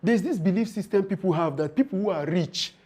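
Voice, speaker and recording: A man's voice: high-pitched, a little fast, darkish tone, breathy edge. A man giving a motivational training lecture, full of rhetorical questions and acted-out dialogues. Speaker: leadership and finance trainer.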